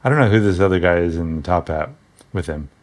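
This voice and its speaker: A man with a deep, low-pitched voice and lively intonation talks fast through an old comic book in loose, casual commentary. He rambles and jokes, chuckling often, while hesitating on frequent ums and correcting himself mid-sentence.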